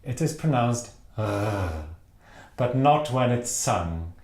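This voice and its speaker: A man's voice: mid-range voice, animated, measured pace, darkish tone, echoey room. A man from Wales teaching operatic singing technique, speaking with precise enunciation and demonstrating vowel sounds aloud. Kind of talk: instructional talk to camera.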